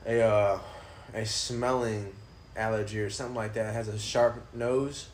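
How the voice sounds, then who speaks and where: A man's voice: on the low side, steady tone, measured pace, a little hiss or hum. A man hosting a casual podcast in his apartment, talking loosely and rambling with a lot of swearing. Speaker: podcast host. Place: apartment room.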